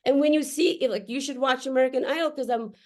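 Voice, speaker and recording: A woman's voice: high-pitched, fast talker. A middle-aged woman talking candidly to the camera as a mother addressing other parents, blunt and profane, often laughing between phrases. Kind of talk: candid unscripted talk to camera. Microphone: camera facing her.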